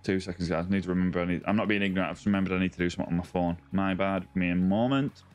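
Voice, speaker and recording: A man's voice: low voice, fairly even intonation, racing, a little mellow, faint music behind. A young man on a live game stream, chatting casually and greeting viewers by name as mate and buddy.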